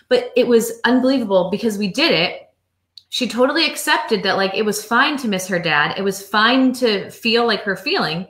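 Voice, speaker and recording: Animated female guest, chatty storyteller; roomy echo. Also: medium pitch, normal speed. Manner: animated storyteller, acting out quotes. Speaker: author and mother, guest. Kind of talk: casual interview storytelling.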